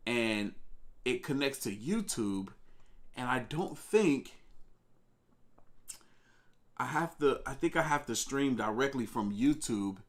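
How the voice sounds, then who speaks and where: A man hosting a live stream in casual chat, loose and chatty as he greets viewers by name. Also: mid-range voice. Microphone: desk microphone.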